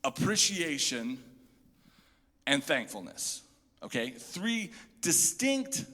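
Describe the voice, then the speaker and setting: A male pastor delivering a sermon, telling funny stories with lively asides. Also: fairly high pitch, slow. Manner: animated storyteller, jokey asides. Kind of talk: sermon with humorous storytelling. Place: church hall. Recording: echoey hall.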